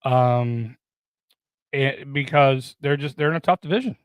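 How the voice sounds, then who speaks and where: A man's voice: mid-range voice, unhurried, clean tone, no echo. Teasing podcast man, mid voice. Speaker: podcast co-host. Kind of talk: casual podcast chat.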